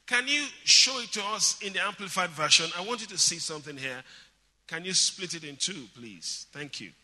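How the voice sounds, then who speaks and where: A man's voice: high-pitched, expressive, moderate pace, pushed and bright. A man preaching a sermon, teaching emphatically, repeating key words and calling on the congregation to say them back. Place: church hall. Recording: long reverb of a large hall.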